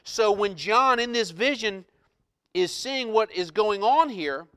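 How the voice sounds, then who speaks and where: A man preaching a sermon as pastor, moving between soft, hushed scripture reading and loud, impassioned preaching. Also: sits high, animated, slow, smooth, no echo, clean studio sound.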